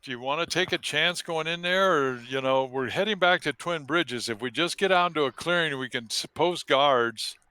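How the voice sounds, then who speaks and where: A man's voice: fairly high pitch, normal speed, hardly any pauses, pushed and bright, clean tone. A man playing a tabletop game, arguing plans in a practical, persuasive way. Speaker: player. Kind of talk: casual tabletop game chat.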